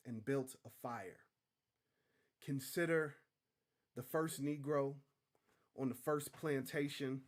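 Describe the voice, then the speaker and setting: A man, a poet receiving an award, reciting his own poem in a measured, rhythmic delivery with long pauses. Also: medium pitch. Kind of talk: poetry recitation.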